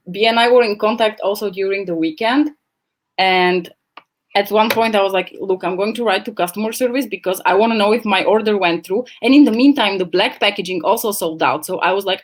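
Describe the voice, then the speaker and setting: A woman hosting a casual livestream from home, rambling and blunt, speaking into a laptop microphone. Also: mid-range voice. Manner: chatty, rambling, blunt and swearing. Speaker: livestream host. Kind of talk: casual chat. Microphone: laptop camera mic.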